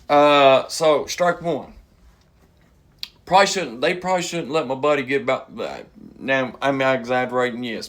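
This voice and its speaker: A man, a comedian casually telling a funny story and acting out the people in it with sudden high yells. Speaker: stand-up comedian.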